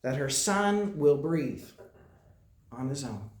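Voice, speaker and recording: Male chaplain, middle voice, speaking to his congregation; loose, halting storytelling full of repeats, recorded in a reverberant meeting room. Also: medium pitch, lively intonation, a little mellow. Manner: halting, conversational storytelling with frequent restarts and repetitions. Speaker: hospital chaplain giving a message. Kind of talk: informal spoken message to a congregation.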